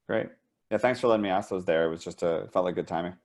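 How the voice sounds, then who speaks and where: A man's voice: low-pitched, quick pace, a little mellow. A man moderating a webinar, politely relaying audience questions with hesitant fillers.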